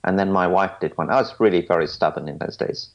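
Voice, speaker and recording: A man in his forties talks through his story in a low, gravelly voice. He is earnest and often stumbles and restarts his sentences. The audio sounds muffled and lo-fi. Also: fast talker, background noise. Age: 40s. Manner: earnest, stammers and restarts, quotes others. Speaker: podcast guest. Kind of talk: storytelling interview answers.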